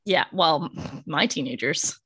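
A woman in her forties co-hosting a podcast, chatting casually in an animated way, laughing often and swearing freely. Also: low voice, slow, breathy edge. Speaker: podcast co-host. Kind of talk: casual chat.

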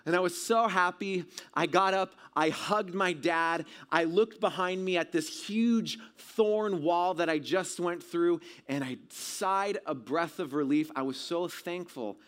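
A man preaching, building his sermon around a personal story. His voice sits a little high for a man, and he plays the scenes out with big contrasts, shouting some lines and dropping to a near hush on others. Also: unhurried, hardly any pauses, smooth. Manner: dramatic, swinging from loud shouts to hushed tones. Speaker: pastor.

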